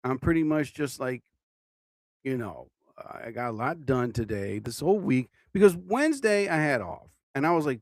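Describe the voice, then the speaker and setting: A man's voice: medium pitch, sing-song, moderate pace, no echo. A tired man hosting his own livestream podcast, rambling casually and yawning as he talks. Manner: drowsy, yawning, meandering talk. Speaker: podcast host.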